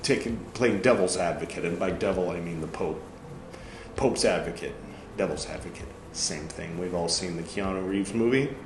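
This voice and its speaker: A man's voice: deep voice, reverberant, slight background noise. A man hosting a podcast, reading a text aloud and breaking off for wry, joking asides. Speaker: podcast host.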